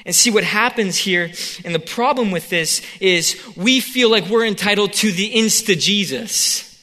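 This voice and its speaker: Man, preacher, conversational sermon, bright tone, long hall reverb. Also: high-pitched, lively intonation, a little slow. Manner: conversational, acts out the scene in quoted voices.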